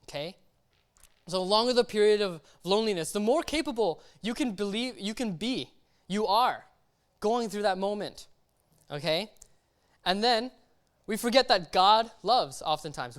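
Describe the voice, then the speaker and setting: A young man preaching a laid-back sermon, his voice smooth and clear. He keeps checking in with his listeners and drops casual slang as he goes. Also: high voice, unhurried, pauses often. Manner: chatty, keeps checking in with "right?" and "okay?"; slangy and relaxed. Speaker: lay preacher. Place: church service.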